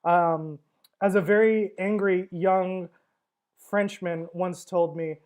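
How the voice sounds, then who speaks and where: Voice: medium pitch, fairly even intonation, slow, a little mellow. A wine seller hosting a casual livestream tasting, talking in a chatty, rambling way with frequent fillers and laughs.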